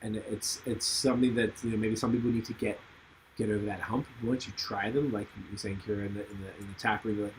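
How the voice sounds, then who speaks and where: Male podcast host, lowish voice, easygoing rambler, faint background hiss. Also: steady tone, fast talker, low-quality recording. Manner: rambling and enthusiastic, thinks aloud. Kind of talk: casual podcast chat.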